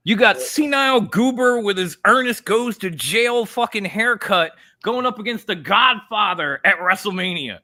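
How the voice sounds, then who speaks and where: A man's voice: high voice, lively intonation, moderate pace, hardly any pauses, bright, forceful tone. A man co-hosting a wrestling podcast, ranting with lots of cursing and mock voices in a casual debate. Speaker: podcast co-host. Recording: online stream.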